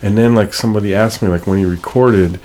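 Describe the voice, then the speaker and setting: A man's voice: lowish voice, steady tone, fast, dark tone. A man co-hosting a radio show, telling long stories in a rambling way with many fillers and restarts. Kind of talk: casual radio chat.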